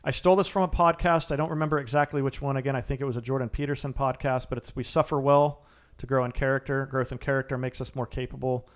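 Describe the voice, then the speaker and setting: This ex-Navy SEAL and mental coach fires off his interview answers quickly, with few pauses, in a steady, medium-pitched voice. He's earnest and emphatic, coaching as he speaks.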